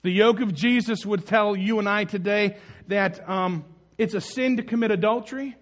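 Male pastor, higher voice, lively sermon delivery that acts out the scenes and swings between loud and hushed. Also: normal speed. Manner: animated, acts out the story in voices, rises loud then drops soft.

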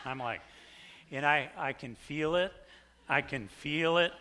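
A man preaching and spinning a personal story from the pulpit. His voice sits high and sounds bright. He talks slowly and jumps between hushed moments and sudden shouts. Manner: animated, swings from hushed to shouting. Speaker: pastor. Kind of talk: sermon storytelling.

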